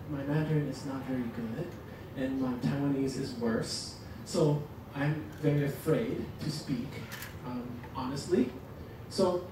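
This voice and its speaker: A man leading a teaching workshop, lively and joking as he demonstrates to the audience. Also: on the high side. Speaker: workshop presenter. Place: lecture room. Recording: echoey hall from a distance, noisy.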